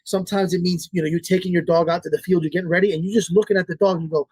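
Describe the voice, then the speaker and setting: Guest: man, dog trainer. High-pitched, husky voice, dry close sound. Blunt, profane, repeats himself. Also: fairly even intonation, racing, a little mellow, no room sound. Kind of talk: casual interview talk.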